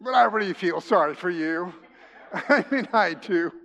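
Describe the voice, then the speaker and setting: An older man preaching a sermon as pastor, telling folksy stories with jokes and dropping to a soft hush. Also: sits high, lively intonation, a little slow, vocal fry. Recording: long reverb of a large hall.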